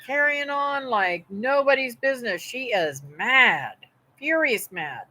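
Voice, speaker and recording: Her voice is mid-range, animated, a bit bright, and slow-paced, captured with poor audio. This middle-aged homestead livestream host spins a chatty, folksy, meandering story for her viewers from home.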